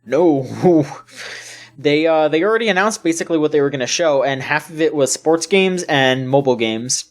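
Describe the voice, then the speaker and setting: A woman's voice: low-pitched, moderate pace. A woman co-hosting a casual video game podcast, rambling with lots of fillers and restarts. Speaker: podcast co-host.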